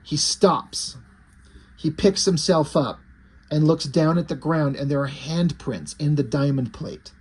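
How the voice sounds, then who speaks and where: A man with a husky, slightly high voice walks through a graphic novel page by page. He talks casually and enthusiastically, swearing now and then when something impresses him. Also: unhurried. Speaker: comic book reviewer. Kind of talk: casual book review retelling.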